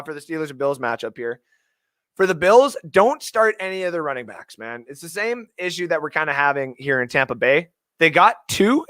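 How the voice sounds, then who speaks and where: A man's voice: fairly high pitch, a bit bright, no room sound, clean studio sound. A man hosting a fantasy football show, ranting emotionally and swearing freely as he gives his picks. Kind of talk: live sports talk stream.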